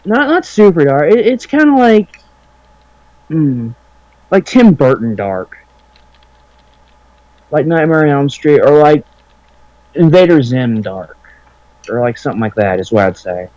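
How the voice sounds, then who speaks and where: A man's voice: on the high side, big pitch swings, measured pace, long pauses, a little mellow, no echo, muffled recording. A man casually commenting on a retro game with a friend, rambling with lots of fillers and cursing. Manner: rambling, filler-heavy, profane. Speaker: let's play commentator. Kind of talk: casual gaming chat.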